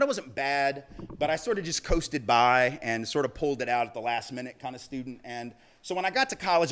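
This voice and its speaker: A man giving a storytelling speech, lively and acting out the voices of people in his anecdotes. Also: on the high side. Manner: animated, acts out quoted voices. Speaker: public speaker.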